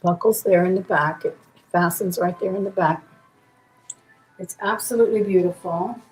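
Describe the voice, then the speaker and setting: A woman runs a live jewelry auction and talks warmly and casually while she turns each piece over in her hands. Her voice rings a little in an echoey indoor room. Faint music plays underneath. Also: on the low side, steady tone, normal speed. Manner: chatty, describes pieces while handling them. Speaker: auction host. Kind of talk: live-stream jewelry sale. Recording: roomy echo, faint music behind.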